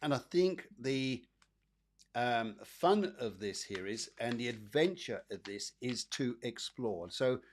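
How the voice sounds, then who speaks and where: A man's voice: medium pitch, expressive, slow pace, slight background noise. A man hosting a live psychic show, giving chatty, rambling readings and often repeating his phrases. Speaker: psychic medium host.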